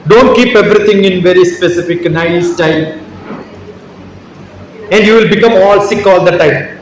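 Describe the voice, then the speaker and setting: A high-voiced man gives a motivational talk to a room of teachers, forever tossing questions back at the audience. He is heard from a distance, his voice ringing around a large, very echoey hall, with a faint hum of room noise underneath. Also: normal speed. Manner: rhetorical, keeps asking the audience questions. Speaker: speaker at a teachers' workshop.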